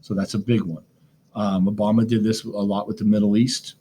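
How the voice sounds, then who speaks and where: A lowish-voiced man talks through class notes like a teacher chatting with students, loose and full of "um"s and quick asides. A faint hiss of background noise sits under his recorded lecture. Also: flat delivery, dark tone. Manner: conversational, lots of fillers, asides.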